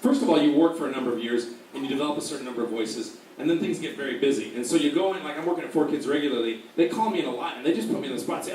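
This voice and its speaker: Panelist man, high-ish voice, jokey and rambling, roomy far-off hall recording. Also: animated, very fast, few pauses, a little mellow. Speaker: voice actor on a convention panel. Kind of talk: convention panel Q&A. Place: large convention room. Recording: very echoey hall, distant mic, faint noise.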